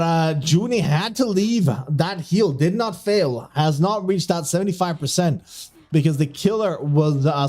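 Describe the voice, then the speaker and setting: This high, darkish-toned male voice belongs to a live streamer commentating a community gaming tournament. Giggling fits come often, and he stumbles over words, starting again whenever he gets flustered.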